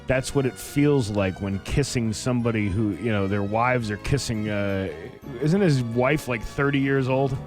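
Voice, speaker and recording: A man's voice: medium pitch, normal speed, hardly any pauses, faint music behind. A male morning radio host trading bawdy jokes in casual banter. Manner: bawdy, joking, animated.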